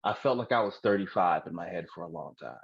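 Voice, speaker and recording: Man in his forties, low voice, husky, frank profane podcast chat, dull dry recording. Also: expressive, fast, no echo. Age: 40s. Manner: frank, profane, laughs at own jokes. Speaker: podcast co-host. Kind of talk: candid comedic chat.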